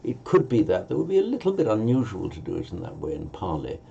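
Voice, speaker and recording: A man with a very deep, gravelly voice teaches a language one step at a time, thinking aloud, correcting himself, and using lots of fillers. His tone is dark and mellow, his pitch swoops wildly, and he talks fast. The recording is somewhat dull and lo-fi, with a faint hiss beneath it.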